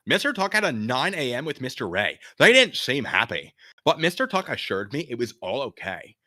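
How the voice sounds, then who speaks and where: A man voicing a shaken, confused young male secretary, telling what happened in a high, strained, halting way. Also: huge pitch swings, sharp tone, heavily acted.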